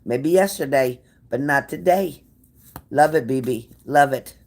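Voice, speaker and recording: A woman's voice: a bass voice, measured pace, a little mellow. A woman hosting a casual livestream, blunt and sassy, cursing freely as she answers viewer comments. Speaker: livestream tarot reader.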